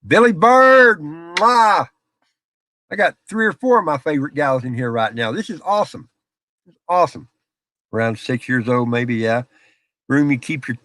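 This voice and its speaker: A man's voice: medium pitch, a bit bright, no echo. Folksy man chatting on a live stream. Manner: folksy storyteller, laughs often. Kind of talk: casual live chat with viewers. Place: small office out back.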